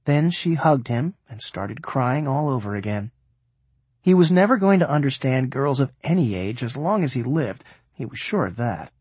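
A man narrating an audiobook in an expressive way, voicing the characters as he reads. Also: medium pitch, moderate pace, breathy edge, dry recording.

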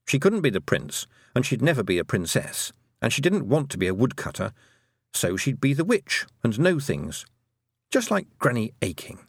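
A man narrating an audiobook with gently wry, unhurried storytelling. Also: mid-range voice, huge pitch swings, slightly rough, no echo, studio quality.

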